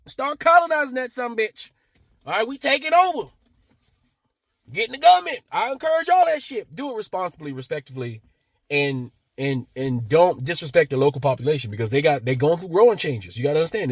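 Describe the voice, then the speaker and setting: A man's voice: a little high, dry recording, studio quality. A man with giving emphatic, preachy opinion commentary as a channel host, with slangy asides and repeated "right?".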